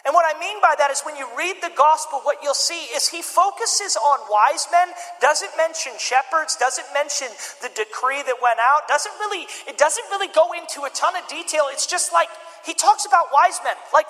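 A man's voice: extremely high pitch, pushed and bright, big-room sound, low-quality recording. A male pastor in his thirties preaching a sermon in a loose, conversational, joking storytelling way.

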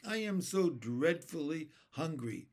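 A polite lady spider pleads for a bite to eat, voiced by a man reading aloud. The storybook voice is pitched high and lively. She speaks slowly. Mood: pleading. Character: polite hungry female spider.

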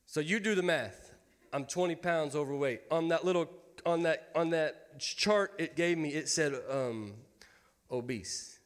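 Joking pastor in his thirties, high voice. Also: a little slow. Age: 30s. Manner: folksy, joking with the congregation. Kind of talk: sermon. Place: church sanctuary. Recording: long hall reverb.

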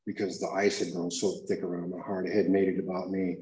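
Guy with a lowish voice telling his recovery story to a crowd, lots of "you know" and "dude", roomy echo. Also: flat delivery, brisk, mellow. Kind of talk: personal testimony to a live audience. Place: room with an audience. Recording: echoey room.

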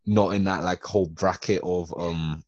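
A young man, co-hosting a podcast in casual, animated, slangy chat. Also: low voice, no room sound, dull audio. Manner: animated, rambling, slangy, quick to laugh. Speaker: podcast co-host.

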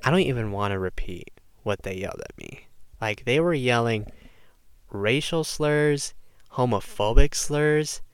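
A teenage high school boy rants through a storytime, filling his talk with "like" and breaking into loud mock shouts. His voice is smooth and clear, and his pitch swoops all over the place. The sound is dry and close, with no room echo. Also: measured pace. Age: teens. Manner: animated, lots of "like", mimics others with shouts. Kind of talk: storytime rant to camera.

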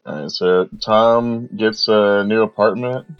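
A man co-hosting a movie podcast, calmly walking through the plot step by step. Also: on the low side, clean tone, highs cut off, soft background music. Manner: slow, even plot recapping. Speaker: podcast co-host. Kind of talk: casual movie recap.

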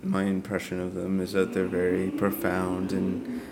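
A man's voice: sits low, completely flat delivery, normal speed, gravelly, noisy background. A man co-hosting a podcast, chatting casually about music with hesitant, laughing, self-correcting talk. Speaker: podcast co-host.

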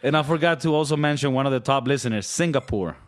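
A man's voice: mid-range voice, fast. Joking Venezuelan-accented podcast host, a man. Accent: Venezuelan Spanish. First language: Spanish. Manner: joking, irreverent, rambling. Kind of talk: casual podcast chat.

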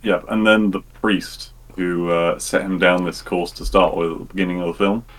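Male co-host, low pitch, blunt and opinionated, swears casually. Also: little pitch movement, normal speed, fairly bright tone, low-quality recording. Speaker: podcast co-host. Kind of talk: casual movie review chat.

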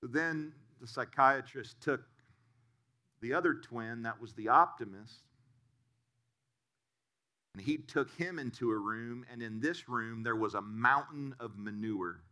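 A man's voice: mid-range voice, a little slow, pauses often, sharp tone. A male pastor giving a sermon and telling stories in an earnest way. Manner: storytelling, earnest.

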